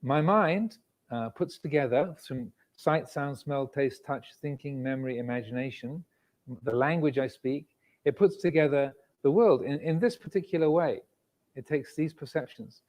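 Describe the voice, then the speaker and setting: A man, a Buddhist monk giving a measured, reflective dharma talk with frequent pauses. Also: medium pitch, darkish tone. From England. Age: 60s. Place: indoor meditation hall with cameras and air conditioning.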